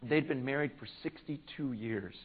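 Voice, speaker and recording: A pastor preaching a fervent sermon. He swings from loud, urgent passages to hushed storytelling and often repeats words as he restarts a line. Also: mid-range voice, normal speed, slightly rough. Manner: repeats words and starts lines over. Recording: tinny phone-like sound.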